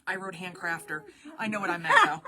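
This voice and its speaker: A woman running a casual live stream for her shop, chatty and quick to laugh. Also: lowish voice, very animated, pushed and bright.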